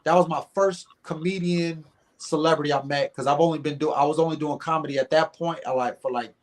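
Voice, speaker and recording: A middle-aged man telling a story in a casual interview, animated and acting out the dialogue, often repeating words. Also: a little high, a little fast. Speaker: guest comedian.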